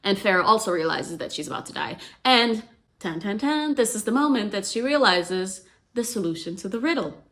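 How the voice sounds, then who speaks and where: Chatty woman with a bright voice retelling a book. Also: mid-range voice, moderate pace. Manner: chatty and animated, heavy use of "like" and "you know". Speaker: book explainer. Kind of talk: casual plot retelling.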